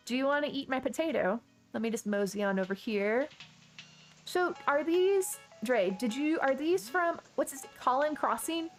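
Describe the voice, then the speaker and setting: Bubbly chatty woman streamer, high voice. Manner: bubbly, chatty, gasps and exclaims often. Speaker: live streamer. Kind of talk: casual gaming stream chat.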